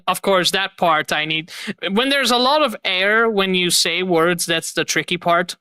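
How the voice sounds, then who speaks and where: A man's voice: high-pitched, measured pace, sharp tone, clear, resonant tone, no room sound, studio quality. A man hosting a live stream, chatting casually and enthusiastically to his viewers and rambling about voice acting and games. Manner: rambling, enthusiastic, talks to chat. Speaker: streamer host.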